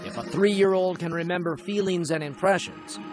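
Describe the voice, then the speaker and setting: A man giving scripted news documentary narration in a measured, dramatic delivery. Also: high voice. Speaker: program narrator. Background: background music.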